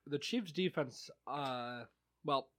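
A man co-hosting a casual sports talk show, making measured points backed by statistics. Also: medium pitch, a bit bright. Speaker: sports podcast co-host.

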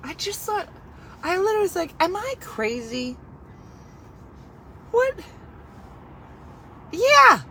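A woman telling a story on a live stream as a casual rant, exasperated and animated, swinging from quiet asides to loud outbursts. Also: very high-pitched, normal speed, a little hiss or hum, low-quality recording.

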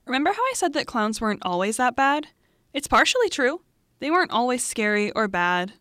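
A woman's voice: on the high side, fairly bright tone, no echo, clean studio sound. A young woman hosting a student podcast, reading a script with wry asides to the listener. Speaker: student podcast host and reporter.

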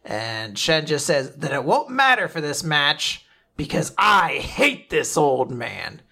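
A man chats casually on a podcast, walking through a comic chapter and jumping into quick impressions of the characters. His voice sits slightly high and rings bright. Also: big pitch swings. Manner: recaps scenes by acting out characters' lines. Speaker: podcast co-host. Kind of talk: casual manga recap chat.

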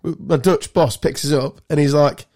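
A man from England co-hosting a podcast, telling animated, sweary travel stories in casual chat. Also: on the high side, moderate pace. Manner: swearing storyteller, animated anecdotes. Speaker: podcast co-host.

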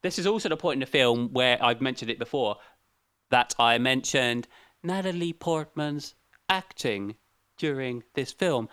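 A man co-hosting a casual comedic film review show, animated and mocking, from England. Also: mid-range voice, a little slow, smooth. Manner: animated, mocking, does silly impressions. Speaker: podcast co-host.

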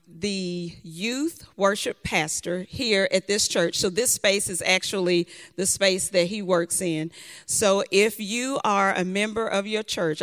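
In a church hall with long reverb, a woman with a mid-range, fairly bright voice gives chatty thank-yous to an audience, sometimes tripping over names.

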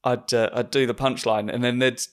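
A stand-up comedian hosting a casual podcast chat. His voice sits at an ordinary middle pitch, and he tells stories in a chatty, self-deprecating way with frequent laughs. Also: little pitch movement, normal speed, smooth.

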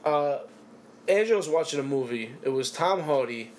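A man's voice: a little high, animated, moderate pace, a little hiss or hum. A man in casual chat with friends, talking in an enthusiastic, rambling way and swearing casually.

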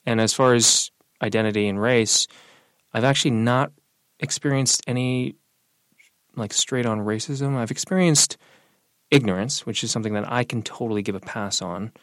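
Relaxed young man telling stories. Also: mid-range voice, normal speed, no room sound. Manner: relaxed, animated when quoting others. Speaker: interviewee. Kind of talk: casual conversational storytelling.

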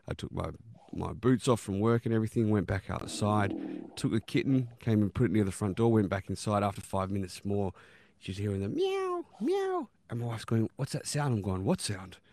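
A man's voice: lowish voice, gravelly, darkish tone, no echo. Rambling, foul-mouthed man. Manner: rambling, swears freely. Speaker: podcast host. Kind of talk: casual chat and storytelling.

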